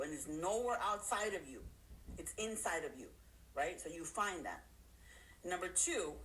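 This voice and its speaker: A woman giving a casual motivational talk to her audience, counting off her points and acting out other people's voices in high squeals. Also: fairly bright tone, low-quality recording. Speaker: motivational speaker.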